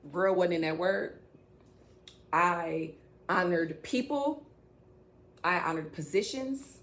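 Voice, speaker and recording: Woman, faith vlogger, rambling casual chat to camera. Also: on the low side. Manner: chatty, rambling, addresses viewers directly.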